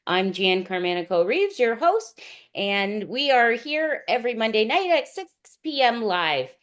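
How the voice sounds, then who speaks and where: A woman's voice: on the high side, big pitch swings, measured pace. Woman host, live online show; easygoing, chatty delivery with fillers. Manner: chatty, laughs easily, uses fillers. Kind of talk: live show interview hosting.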